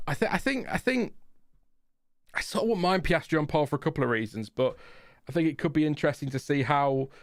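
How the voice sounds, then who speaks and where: A man's voice: medium pitch, clean tone, no echo, clean studio sound. A man hosting a casual live watchalong, rambling and chatty with lots of fillers and laughs. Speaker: livestream host.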